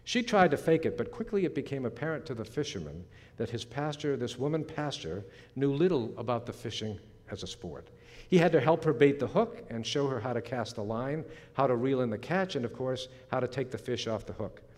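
Man, pastor, earnest sermon, middle-aged or older, slows for emphasis, mid-pitched, long church-hall reverb. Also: lively intonation. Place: church sanctuary.

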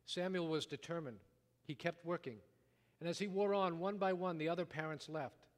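A man preaching a sermon, telling a story dramatically, rising loud and dropping to a hush. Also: fairly high pitch, normal speed. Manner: dramatic storytelling, wide swings from loud to hushed. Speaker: pastor. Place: church sanctuary. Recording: long reverb of a large hall.

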